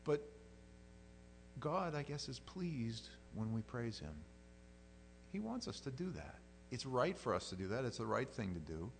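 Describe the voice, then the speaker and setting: A man's voice: mid-range voice, very animated, measured pace, creaky, a little hiss or hum. A middle-aged male pastor giving a plain-spoken, conversational sermon and often acting out the voices he quotes.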